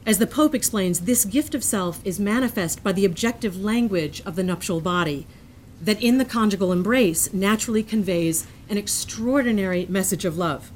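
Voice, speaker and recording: A woman with a mid-range, darkish voice reads her prepared lecture earnestly and at a measured pace, sometimes interrupting herself with amused asides. A bit of hiss or hum runs underneath.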